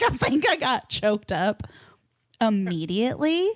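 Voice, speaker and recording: A woman's voice: a little high, a little slow. A woman co-hosting a podcast, telling a story in casual chat and acting out what people said. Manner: animated, acts out quotes, swears and laughs. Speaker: podcast co-host.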